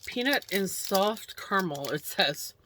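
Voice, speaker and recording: A woman in a relaxed snack taste-test vlog, chatting unhurriedly and murmuring between bites. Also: mid-range voice, a little slow, slight background noise. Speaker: snack review vlogger.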